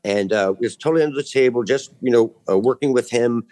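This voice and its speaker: Male podcast guest, earnest and rambling, ordinary pitch, studio chat. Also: fast talker, dark tone. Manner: earnest, rambling, many restarts. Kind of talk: casual chat.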